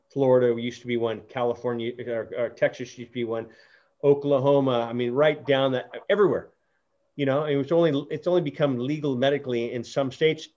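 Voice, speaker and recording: A man's voice: medium pitch, darkish tone. Earnest guy hosting an interview, rambling story with lots of restarts, kinda dull lo-fi sound. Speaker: podcast host. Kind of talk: casual interview chat.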